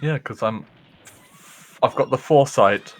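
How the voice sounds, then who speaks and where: A man's voice: mid-range voice, measured pace, faint music behind. A man casually commentating a live speedrun race, joking and chatty with frequent laughs.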